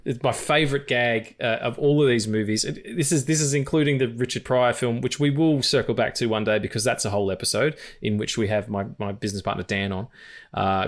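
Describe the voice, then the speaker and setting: A man hosts a laid-back movie podcast, speaking at an ordinary pitch. He talks with enthusiasm and profanity, and he keeps slipping into quick impressions of film lines. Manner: enthusiastic, swears freely, acts out movie lines. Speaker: podcast host. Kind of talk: casual film chat.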